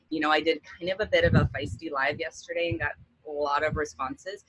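A woman with a rough morning voice giving an earnest, encouraging pep talk on a coaching call. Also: deep voice, a little fast, few pauses, rough recording. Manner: earnest and encouraging, steady build to emphasis.

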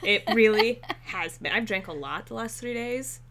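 A woman's voice: on the high side, moderate pace, a crowd in the background. A woman co-hosting a casual podcast chat, telling stories with plenty of swearing. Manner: swears a lot, animated storytelling. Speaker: podcast co-host.

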